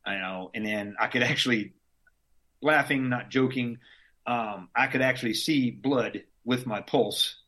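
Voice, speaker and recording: An army veteran speaks as a guest in an unhurried, easygoing way. He is a man with a mid-range voice, telling his story casually, full of slang and the odd curse. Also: mid-range voice, sharp tone. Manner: laid-back, slangy, drops in curses and chuckles.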